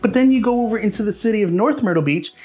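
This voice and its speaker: Talking quickly in a high, darkish voice, a realtor from Pennsylvania offers chatty, friendly advice directly to the camera in his casual local vlog, addressing viewers as "guys."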